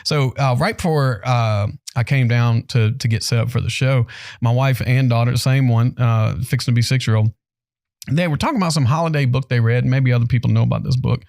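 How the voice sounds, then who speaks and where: His medium-pitched voice is creaky and a little fast as this North Carolina podcast co-host chats casually, animatedly acting out quotes from the people in his stories. The studio-quality recording has no room sound.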